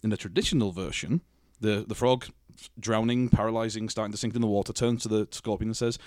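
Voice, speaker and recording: A man's voice: lowish voice, fairly even intonation, quick pace, hardly any pauses, darkish tone, dry recording, studio quality. A man co-hosting a podcast, chatting casually and telling a rambling story with self-deprecating jokes. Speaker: podcast co-host. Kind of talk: casual chat.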